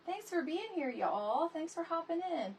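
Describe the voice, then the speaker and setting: Lively, chatty woman hosting a craft stream. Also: very high voice, moderate pace, a little hiss or hum. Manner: chatty and animated, greets viewers by name. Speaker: craft tutorial livestream host. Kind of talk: casual live crafting chat.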